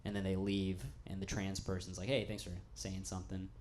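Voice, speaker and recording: A man doing a stand-up set in a small studio in front of a live audience, talking in an offhand, deadpan way that breaks into loud comic rants. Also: low voice, fairly quick, slight background noise. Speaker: stand-up comedian.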